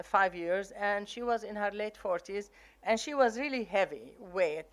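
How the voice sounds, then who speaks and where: An older woman with an Arabic accent tells stories from her own life to an audience. She slips in and out of quoted dialogue from her family and gives each quote a little life. Her pace stays steady and conversational. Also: medium pitch. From Palestine. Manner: animated storytelling, acting out family quotes. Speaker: memoir author. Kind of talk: reading and telling memoir stories.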